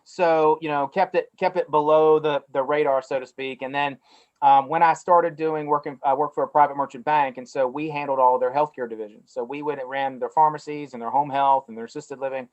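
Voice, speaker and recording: A man's voice: a little high, steady tone, brisk, lo-fi sound. A middle-aged man with a North Carolina Southern twang, telling stories in a casual interview over a video call. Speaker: guest, cannabis company CEO.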